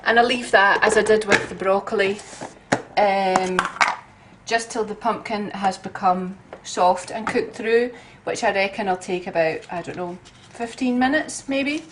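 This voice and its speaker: A woman giving a relaxed, homely cooking demonstration in her kitchen, chatting along with frequent ums. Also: medium pitch, unhurried, background noise. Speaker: home cook. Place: home kitchen. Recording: roomy kitchen sound from a distant mic.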